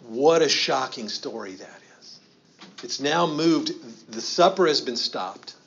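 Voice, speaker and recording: A man preaching a sermon, telling the story in an animated way with slow, emphatic phrases and quiet asides. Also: medium pitch, creaky, highs cut off. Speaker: pastor.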